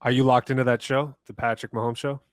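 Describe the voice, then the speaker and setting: A man's voice: medium pitch, little pitch movement, fast talker, dry recording, studio quality. A man co-hosting a sports podcast, chatting casually about players. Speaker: podcast co-host.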